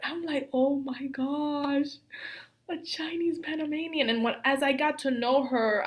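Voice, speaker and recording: Dominican-born woman teacher, chatty, animated storytelling, slips into little whispers, mid-pitched voice. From Dominican Republic. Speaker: Spanish teacher. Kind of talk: casual teacher training talk.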